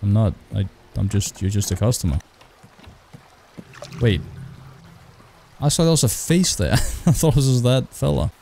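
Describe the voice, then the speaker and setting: A man's voice: fairly low pitch, big pitch swings, unhurried, creaky, long pauses, warm tone, a little hiss or hum. A man doing let's play commentary on a horror game, reading its dialogue aloud and swearing back at its characters. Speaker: gaming YouTuber.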